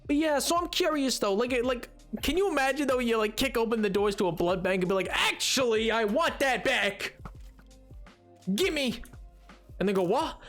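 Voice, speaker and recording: A man's voice: very high voice, fast talker, faint music behind. A man streaming a game, casually rambling with internet slang and frequent filler words. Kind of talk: live game-stream commentary.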